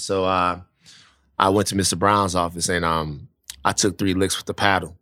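A man telling a long personal story in casual chat, animated and profane, often restarting his sentences. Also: deep voice, normal speed, dry recording, studio quality.

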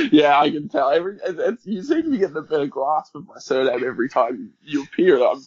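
A man's voice: fairly high pitch, expressive, fairly quick, husky, no room sound. A man talking as a podcast guest, giving articulate, analytical football talk at length. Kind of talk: casual chat. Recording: dry, dull lo-fi sound.

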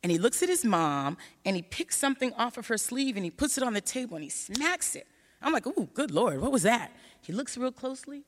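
A woman telling a personal story on stage in an animated way, acting out the voices she quotes. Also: a little high, fairly quick. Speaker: researcher giving a talk. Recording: hall reverb.

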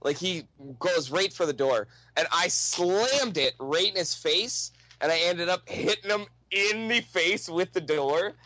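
A young man telling a long, profane story in a casual, animated way. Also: high voice, unhurried, few pauses, no echo, rough recording.

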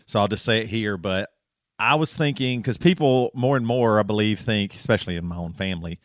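A man's voice: fairly low pitch, brisk, no echo, studio quality. A man with a Southern US accent co-hosting a podcast in casual chat, rambling, restarting his sentences and laughing often. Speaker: podcast co-host.

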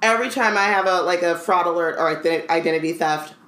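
A woman's voice: on the low side, fast talker, reverberant. A woman co-hosting a podcast who chats casually and animatedly, with a playful, filler-heavy way of talking. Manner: animated, playful, says "like" a lot. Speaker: podcast co-host. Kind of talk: casual chat.

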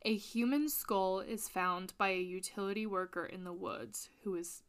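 A woman co-hosting a casual true crime podcast, recounting a case in an animated, sweary way and laughing often. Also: mid-range voice, normal speed, clean tone. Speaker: podcast co-host.

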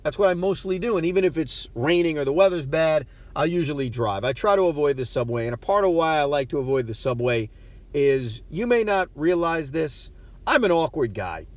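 A man's voice: fairly high pitch, animated, brisk, no room sound. A man, hosting a podcast and telling a story in a casual, self-deprecating way, often stammering as he restarts. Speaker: podcast host. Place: parked car.

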